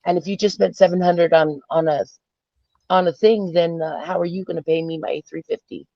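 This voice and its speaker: A man's voice: fairly high pitch, fairly even intonation, brisk, creaky, no echo, highs cut off. A man calling into a stream, chatting casually, rambling and hunting for words. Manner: rambling, hesitant, searching for words. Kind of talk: casual chat.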